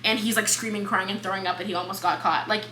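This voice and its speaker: A young woman co-hosting a book podcast, retelling the plot in casual chat, expressive and swearing freely. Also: mid-range voice, quick pace, crowd noise. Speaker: podcast co-host. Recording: echoey room with faint hum.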